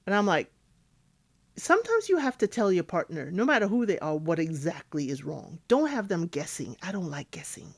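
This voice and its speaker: A woman's voice: fairly low pitch, big pitch swings, moderate pace. A woman giving casual recap commentary on a reality dating show, acting out cast members' lines as she talks.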